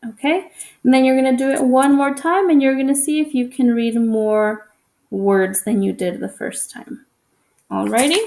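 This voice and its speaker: A woman teacher explaining a homework assignment to young children, patient and encouraging, repeating each step slowly. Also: sits high, steady tone, a little mellow. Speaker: elementary school teacher.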